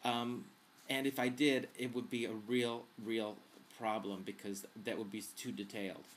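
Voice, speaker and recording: A man's voice: on the low side, steady tone, moderate pace, slight background noise. A man hosting a casual vlog, answering viewer questions in a chatty, campy, wisecracking way.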